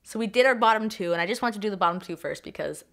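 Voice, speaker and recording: A young woman from Canada chatting excitedly as a sports vlogger, swearing freely, repeating herself and trailing off mid-thought. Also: medium pitch, rapid-fire. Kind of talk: excited casual vlog chat.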